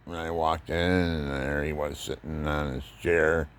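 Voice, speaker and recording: A man's voice: a bass voice, measured pace, slight background noise. An older man talking casually about faith and family, rambling and preachy as he tells his stories. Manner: rambling, preachy, animated storytelling. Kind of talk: casual religious monologue.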